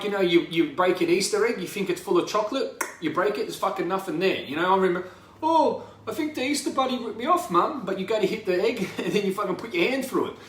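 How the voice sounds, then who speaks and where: Profane Australian man, high, roomy. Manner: profane, rambling. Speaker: life coach. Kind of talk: motivational talk. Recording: roomy echo from a distance.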